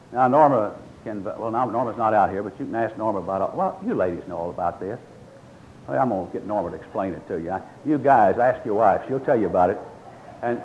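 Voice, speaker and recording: A man's voice: mid-range voice, a little hiss or hum. An older man preaching a sermon with a folksy, storytelling manner, moving between scripture readings and homespun asides. His voice sits in an ordinary middle register. The recording is slightly dull and lo-fi.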